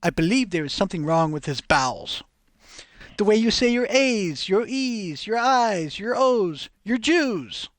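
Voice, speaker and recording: A man's voice: high voice, animated, a little slow, dry recording. A man voicing a stern Spanish nobleman who speaks in a stiff, formal way. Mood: haughty.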